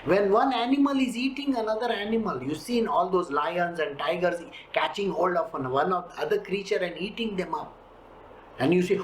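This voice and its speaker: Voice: medium pitch, moderate pace. Emphatic spiritual teacher. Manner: emphatic, rhetorical questions, lively storytelling. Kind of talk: scripture lecture. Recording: roomy echo, faint background hiss.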